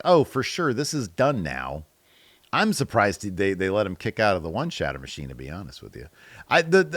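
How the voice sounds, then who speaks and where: A man hosts a casual reaction podcast, reading out viewer comments and weighing in with opinions. His voice swings widely in pitch, and the recording is dry, with no room sound. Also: a bit bright, dry recording. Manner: chatty, opinionated, laughs at own jokes. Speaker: podcast host.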